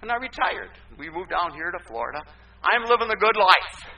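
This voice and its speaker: An older man preaching a sermon as pastor, asking rhetorical questions and swinging between loud emphasis and quiet asides. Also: high voice, lively intonation, brisk, gravelly. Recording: distant mic with faint hum.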